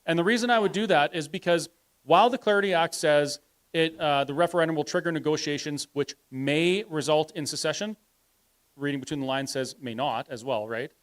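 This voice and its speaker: A man speaking on a live panel, arguing forcefully and sometimes trailing off while searching for words. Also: a little high, brisk. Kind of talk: live public panel talk. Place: live event hall.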